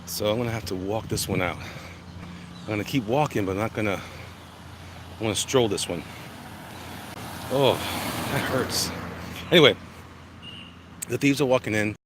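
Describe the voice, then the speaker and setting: This is a casual walk-and-talk from a man whose voice sits on the low side; he rambles, chats and drifts off topic as he moves through urban streets on sore legs, his chest congested. Loud traffic noise, passing cars and general street sounds surround him outdoors.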